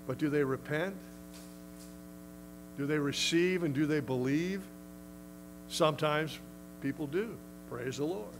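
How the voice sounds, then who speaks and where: Brief: male pastor, conversational and emphatic sermon delivery, somewhat high-pitched. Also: a little hiss or hum, low-quality recording. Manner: emphatic, conversational, acts out quotes.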